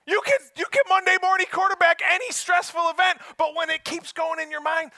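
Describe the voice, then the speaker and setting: A male pastor preaching a sermon to his congregation in a humorous, animated way, talking straight to the people in front of him. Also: extremely high pitch, no echo, clean studio sound. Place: church service held in a school.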